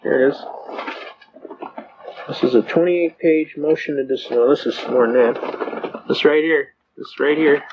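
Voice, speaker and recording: A man's voice: on the high side, a little slow, long pauses, a little hiss or hum. An older man giving a folksy, anecdotal lecture to a live audience, telling stories and acting out dialogue. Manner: folksy storyteller, acts out dialogue in quotes. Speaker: seminar speaker on constitutional rights. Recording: dull lo-fi recording.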